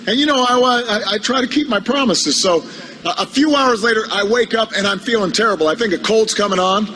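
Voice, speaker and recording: A politician delivers a humorous anecdote in a high, bright voice. He speaks haltingly and doubles up words as he goes. His tone stays wry throughout. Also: a little hiss or hum, low-quality recording. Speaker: politician giving a speech.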